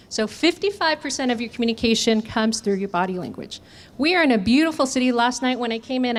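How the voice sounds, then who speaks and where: A woman trainer leading an interactive workshop, asking the audience questions and answering them. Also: on the high side. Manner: engaging, asks audience questions. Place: conference room.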